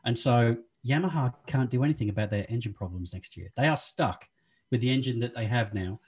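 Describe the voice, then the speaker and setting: A man co-hosting a podcast, chatting casually with frequent laughs and restarts in a husky voice. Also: medium pitch, brisk, darkish tone. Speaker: podcast co-host. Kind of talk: casual chat.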